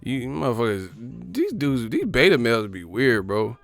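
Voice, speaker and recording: A man's voice: medium pitch, big pitch swings, moderate pace, no room sound, soft background music. A man hosting a boxing livestream, ranting casually and profanely while driving his car. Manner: profane, rambling, mocking. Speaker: boxing channel host.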